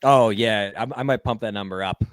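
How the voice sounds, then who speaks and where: A man co-hosting a live tennis watchalong from home, reacting with jokes and emphatic, drawn-out remarks. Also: on the low side, smooth, no room sound. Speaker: co-host. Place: home streaming setup.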